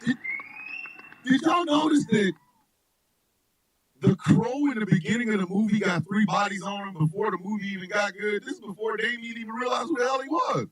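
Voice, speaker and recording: A man hosting a radio show, chatting loosely and telling comic stories, laughing often and shouting his punchlines. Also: high voice, a little fast, a crowd in the background, low-quality recording. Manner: loud, laughing, animated storyteller who shouts punchlines. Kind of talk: loose comedic chat with storytelling.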